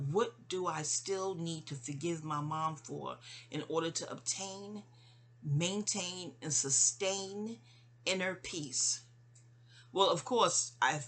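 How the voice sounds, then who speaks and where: A middle-aged woman talks straight to her mother in a candid, meandering personal monologue. Her voice is breathy and husky yet bright and forward. She stumbles and restarts often as she drifts from one thought to the next. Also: fairly low pitch. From New York. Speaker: vlogger.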